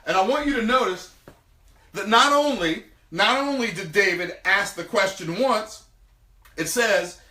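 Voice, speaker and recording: A man delivers a sermon, restating old scripture in plain, lively everyday words. His voice sits high and bright, with a forceful edge. The room adds a noticeable echo, and he sounds a little distant from the microphone. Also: measured pace. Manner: animated, retells scripture in casual everyday talk. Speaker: preacher teaching on business and faith.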